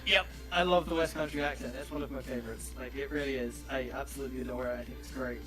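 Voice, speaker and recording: A man's voice: medium pitch, steady tone, quick pace. A man from southeast England with an English accent, chatting casually in a carefully enunciated, slightly pompous way. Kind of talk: casual chat on a stream. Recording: music playing behind.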